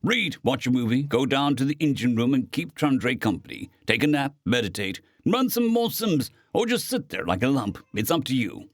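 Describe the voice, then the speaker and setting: A man voicing a gruff, weary adult spaceship captain who talks in a dry, grumbling, mildly teasing way. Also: mid-range voice, very animated, normal speed, few pauses, dry recording. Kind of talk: audiobook character voice.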